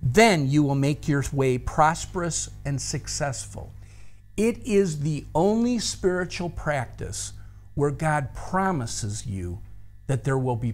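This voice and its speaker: Slow, lively Bible teacher. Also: mid-range voice. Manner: slow, deliberate teaching, thinking aloud through a verse. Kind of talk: recorded Bible study lesson.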